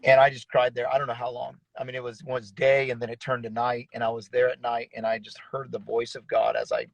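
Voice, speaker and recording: Male pastor, 30s, gravelly voice, dry close sound, earnest testimony. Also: medium pitch, little pitch movement, brisk, dry recording, rough recording. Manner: earnest, emotional storytelling with many restarts. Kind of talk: conversational testimony in an interview.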